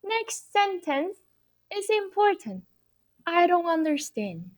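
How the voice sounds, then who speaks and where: A woman teaching an online Mandarin lesson, who explains cheerfully and repeats phrases slowly. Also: fairly high pitch. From Taiwan.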